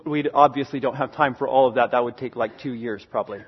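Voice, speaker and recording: A man preaching a sermon, earnest and pleading, slowing down and repeating phrases for emphasis. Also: mid-range voice, fairly even intonation, breathy edge, highs cut off. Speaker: pastor.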